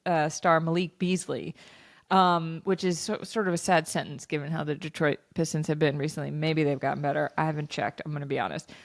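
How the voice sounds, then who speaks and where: A woman's voice: sits low, fairly even intonation, brisk. Young woman co-host, joking reactions. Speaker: podcast co-host. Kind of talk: casual chat.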